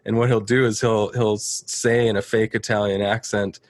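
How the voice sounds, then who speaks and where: A man chatting casually as a podcast guest, telling stories in a relaxed way and laughing often. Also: fairly low pitch, moderate pace, no room sound. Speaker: podcast guest, studio engineer. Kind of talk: casual chat.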